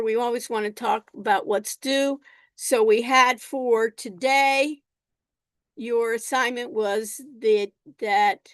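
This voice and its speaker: Slow-paced woman teaching an online class. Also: on the high side, no echo. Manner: unhurried, repeats words, addresses students by name. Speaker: college instructor.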